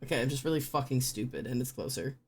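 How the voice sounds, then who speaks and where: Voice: mid-range voice, quick pace, a little mellow. A streamer casually thinking aloud during a live word-guessing game, spelling words out letter by letter and poking fun at themself.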